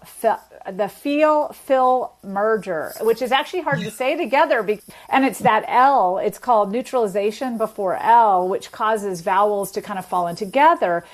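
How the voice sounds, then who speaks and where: Woman linguist guest explaining stuff, fluent and kinda lecture-y, middle pitch. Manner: fluent, lecturing with technical terms. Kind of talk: explanatory interview talk.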